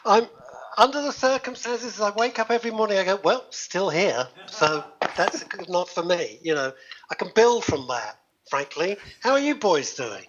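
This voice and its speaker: A man's voice: sits high, very animated, moderate pace, a bit bright, dull audio, a little hiss or hum. A man who does stand-up comedy, chatting as a guest in a joking way and laughing often. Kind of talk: casual chat.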